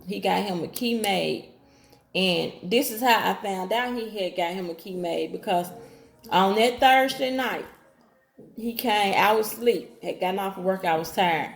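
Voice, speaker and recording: A woman's voice: mid-range voice, unhurried, creaky. A woman telling her own story casually to viewers, speaking straight to them and acting out what people said in her own voice. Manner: talks straight to viewers with Southern-style slang, quotes others in her own voice. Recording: echoey room.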